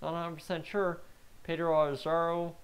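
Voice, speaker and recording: A man from Canada giving casual live-stream commentary on a video game, chatting with his viewers and getting excitable at times. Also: fairly high pitch, moderate pace, smooth.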